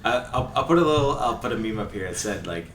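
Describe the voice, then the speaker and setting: A man's voice: lowish voice, animated, fast talker, fairly bright tone. A man co-hosting a soccer podcast in a casual, chatty way, laughing often. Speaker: podcast co-host. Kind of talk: casual chat. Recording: roomy echo, distant mic, faint hiss.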